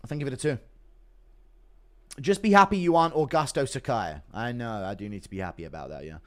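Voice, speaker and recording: Speaking fairly quickly in a mid-range voice, this livestream host runs a laid-back stream and reads donations aloud. He's animated and profane, laughing and cursing without restraint.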